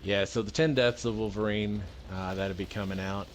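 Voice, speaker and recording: A man hosting a geek news podcast, going through the news in a calm, matter-of-fact casual chat with dry humor. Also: fairly low pitch, normal speed, slight background noise. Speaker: podcast host presenting news.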